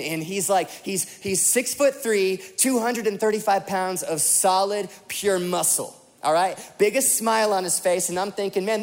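A young man preaching a sermon, telling a story in a lively way with lots of fillers. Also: high voice. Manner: animated storytelling with many fillers. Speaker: pastor.

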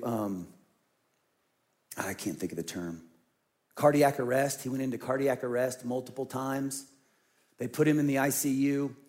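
A man's voice: mid-range voice, darkish tone. A middle-aged man, a senior pastor, preaching a sermon and telling a personal story earnestly, often repeating phrases.

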